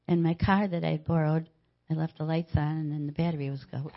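A woman's voice: deep voice, level tone, quick pace. An older woman giving a personal faith testimony as a story, animatedly acting out what other people said. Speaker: church member giving a testimony. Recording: dull lo-fi recording.

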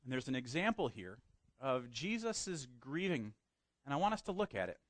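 A man's voice: medium pitch, sing-song, normal speed, no room sound. A man preaching a sermon who reads scripture aloud, then preaches with rising emphasis and asks the congregation questions. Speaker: pastor.

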